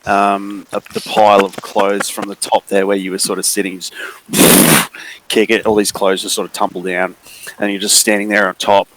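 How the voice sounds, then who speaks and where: A man narrating as game master of a tabletop game, slow and hesitant with many fillers. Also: fairly low pitch, level tone, noisy background. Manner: slow and hesitant, many ums and sort ofs.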